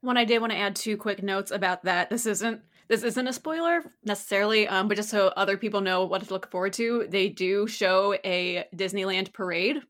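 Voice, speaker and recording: A woman co-hosting a podcast, chatting in a relaxed way with many fillers. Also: mid-range voice, fairly quick, hardly any pauses. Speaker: podcast co-host. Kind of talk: casual chat. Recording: close podcast mic.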